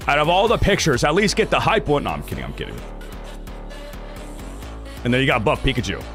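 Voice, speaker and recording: A young man streaming live, chatting casually with his viewers, ranting animatedly and swearing freely. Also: mid-range voice.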